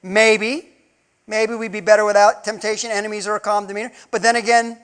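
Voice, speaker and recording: Very high-voiced preaching man. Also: little pitch movement, brisk, smooth. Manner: emphatic preaching, swinging between loud pleas and hushed asides; rhetorical questions to the congregation. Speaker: pastor. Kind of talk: sermon.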